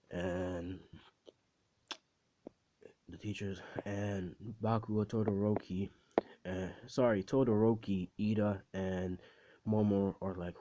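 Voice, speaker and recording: A man's voice: deep voice, steady tone, a little slow, long pauses, mellow, slight background noise. A man casually retelling a fan story in a rambling, slangy way, laughing at his own jokes. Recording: slightly muffled recording.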